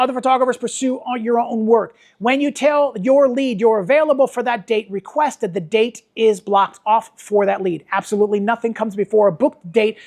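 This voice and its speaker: A middle-aged man leading a photography workshop, telling stories and acting out the people he quotes. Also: high voice. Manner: animated storytelling, acts out quoted voices. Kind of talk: workshop talk with anecdotes.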